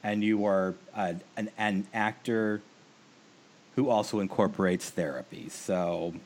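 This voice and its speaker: A man's voice: on the low side, a little slow. An American man hosting an interview, chatty and eager, often restarting his sentences. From United States. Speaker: podcast host. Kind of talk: casual interview chat.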